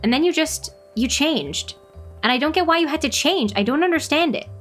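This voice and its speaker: A woman's voice: high voice, expressive, brisk, a bit bright, soft background music, pitched above the performer's own voice. A woman voicing a desperate young woman warrior who pleads emotionally about losing her strength. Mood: pleading.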